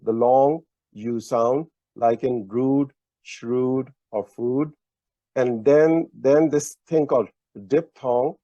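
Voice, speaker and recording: A man's voice: mid-range voice, warm tone, no echo, highs cut off. A man teaching a language lesson over a video call, explaining letters patiently and methodically. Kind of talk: online lesson explaining script.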